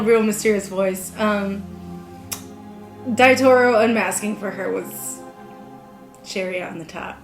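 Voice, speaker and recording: A woman's voice: mid-range voice, a little slow, long pauses. A young woman talking casually in an interview as a live-action role-player, enthusiastic and reflective. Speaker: LARP player. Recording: roomy echo with faint music.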